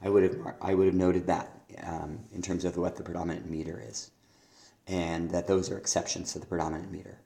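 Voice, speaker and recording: A male teacher giving recorded feedback on a student's poetry assignment, halting with many fillers and restarts, reading verse lines aloud. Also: deep voice, flat delivery, creaky, mellow. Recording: echoey room.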